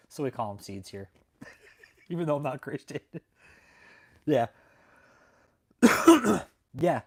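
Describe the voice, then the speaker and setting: A man's voice: fairly high pitch, sing-song, slow pace, pauses often, husky. A young adult man hosting a channel, telling a story to his viewers in a brash, profane, casual rant. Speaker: channel host.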